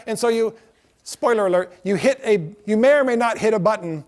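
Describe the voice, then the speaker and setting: A middle-aged man delivers a lecture as a string of anecdotes, his voice sitting notably high for a man. He is animated, slips into the voices of the people he quotes, and laughs often as he goes. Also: a little fast. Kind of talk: storytelling lecture.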